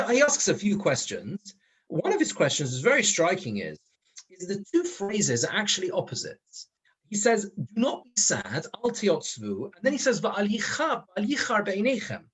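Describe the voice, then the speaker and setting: A man's voice: high-pitched, wildly swooping pitch, normal speed, a bit bright. A man, a rabbi, giving a Torah lesson in an explanatory way, stressing his points. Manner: explanatory, rises and falls with emphasis. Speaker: rabbi teaching a weekly Torah class.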